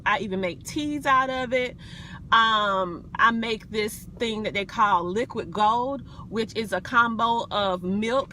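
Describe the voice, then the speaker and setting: A woman's voice: medium pitch, sharp tone, slight background noise. Chatty Southern woman live from her car. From South Carolina, USA. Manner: chatty, folksy, frequent ums and giggles. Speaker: wellness vlogger. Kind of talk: casual live video chat. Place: inside a parked car.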